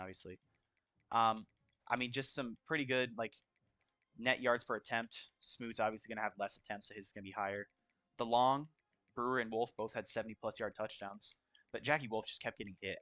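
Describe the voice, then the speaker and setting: A man's voice: medium pitch, pushed and bright, no room sound. A man casually reading out season stats for his video game team, listing numbers with fillers and self-corrections. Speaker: gaming video creator. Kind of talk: casual stat-reading commentary.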